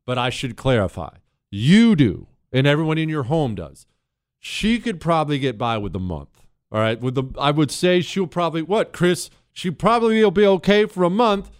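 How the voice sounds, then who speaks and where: A man's voice: fairly high pitch, expressive, normal speed, clear, resonant tone. A man hosting a call-in radio talk show, brash and joking as he talks.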